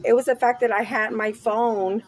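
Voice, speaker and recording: A woman talking candidly to camera in a rambling, profane way, swinging from mumbles to loud outbursts. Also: a little high, steady tone, moderate pace, soft background music. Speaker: vlogger.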